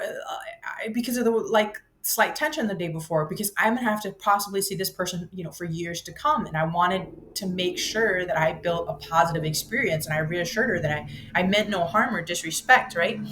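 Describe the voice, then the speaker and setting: A woman's voice: mid-range voice, background noise. A woman in her fifties telling a personal story, rambling and breaking off mid-sentence, acting out the voices in it. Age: 50s. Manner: animated, acts out her own voice and others' in the story; rambling, self-interrupting. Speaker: vlogger.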